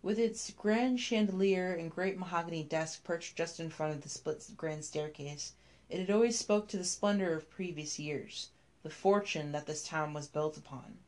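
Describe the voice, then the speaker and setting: A woman reading a scripted story aloud, telling it in a measured, even way. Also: on the low side.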